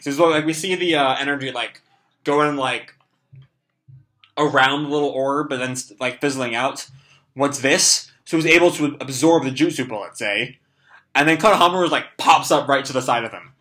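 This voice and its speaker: A young man with a hoarse, worn voice talks through a comic chapter live, rambling along with constant "like" and "uh". His tone is bright despite the strain. It sounds like a relaxed, unscripted fan reaction. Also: on the high side. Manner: rambling, full of "like" and "uh".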